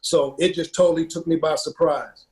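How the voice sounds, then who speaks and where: A man, a football coach from Ohio, telling a personal story in an earnest, halting way, with many fillers and repeated words. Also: a little high, steady tone, darkish tone.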